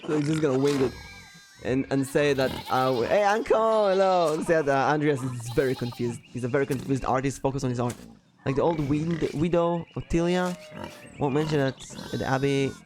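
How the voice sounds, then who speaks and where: A Danish-speaking man with a medium, steady, somewhat dark voice streams himself playing a game at a brisk clip. His casual let's-play commentary rambles, corrects itself, and breaks easily into laughter.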